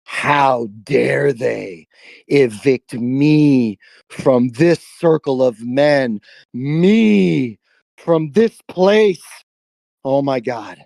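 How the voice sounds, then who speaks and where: A man telling a personal story on a live stream about shadow work, speaking emphatically with profanity and long pauses. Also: mid-range voice, gravelly, a little mellow, no echo. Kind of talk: intense personal storytelling to a listener.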